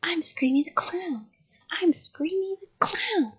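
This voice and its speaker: A woman voicing a brash, excitable little girl in a clown costume for a storybook reading, blurting out loud complaints. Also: very high voice, takes it slowly, pitched above the performer's own voice, heavily acted. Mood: shrieking.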